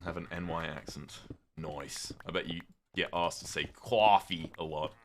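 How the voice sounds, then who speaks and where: Deep-voiced British man chatting on stream. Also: steady tone, normal speed, a little hiss or hum. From Britain. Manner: chatty, sweary, reads chat aloud and reacts with sudden loud outbursts. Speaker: livestreamer. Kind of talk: casual livestream chat.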